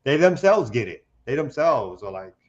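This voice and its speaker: A man's voice: mid-range voice, very animated, normal speed, a little mellow. A man co-hosting a casual talk show, speaking in a loose, slangy way with frequent restarts and asides. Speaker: co-host. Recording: dull lo-fi sound.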